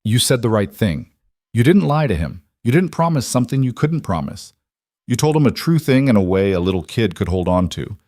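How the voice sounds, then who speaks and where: A man voicing a gentle, soothing young aunt. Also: fairly low pitch, sing-song, a little fast, dry recording, clean studio sound. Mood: earnest. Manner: soft, soothing and reassuring.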